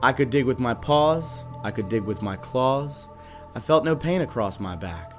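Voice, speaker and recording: A young man reading a rhyming children's picture book aloud at a steady, rhythmic pace. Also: medium pitch, moderate pace, faint music behind. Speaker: guest reader, band musician.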